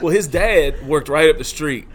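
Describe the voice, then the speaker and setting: A man's voice: fairly high pitch, normal speed. A middle-aged man telling a profane story in casual chat, chuckling and sometimes dropping to a mutter. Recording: noisy room.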